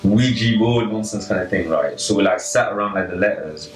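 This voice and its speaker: Brief: young man, lowish voice, chatty anecdote, roomy distant mic with faint music. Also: fairly quick. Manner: animated, filler-heavy, full of "like" and "right?". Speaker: podcast co-host telling a story. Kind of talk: casual storytelling chat. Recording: echoey room, slightly distant, faint music.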